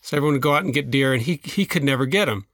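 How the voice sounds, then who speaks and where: A man's voice: medium pitch, racing, fairly bright tone, no room sound. A man co-hosting a podcast, retelling a folktale in a rambling, casual way with lots of restarts. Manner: rambling, with restarts, filler and laughs. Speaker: podcast co-host. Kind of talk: casual chat, storytelling.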